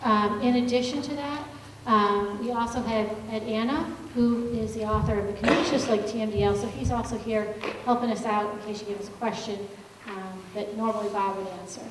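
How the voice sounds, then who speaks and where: A woman's voice: a little high, steady tone, fairly quick, few pauses. A woman moderating a public agency meeting, introducing the panel in a friendly way with many fillers. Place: large public meeting hall. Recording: echoey hall from far off, faint hum.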